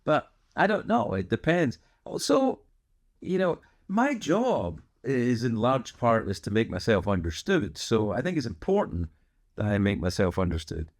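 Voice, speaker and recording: Lively Scottish man, softened accent. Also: medium pitch, normal speed. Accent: Scottish, softened toward American. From Scotland. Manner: animated, rambling, with self-corrections and asides. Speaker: podcast host. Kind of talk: casual conversational monologue.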